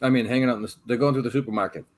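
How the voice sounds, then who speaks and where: A man's voice: medium pitch, steady tone, racing. A man co-hosting a loose, casual podcast, telling jokes in a rambling, self-deprecating way. His voice sits in an ordinary middle range. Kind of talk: casual banter and joke telling.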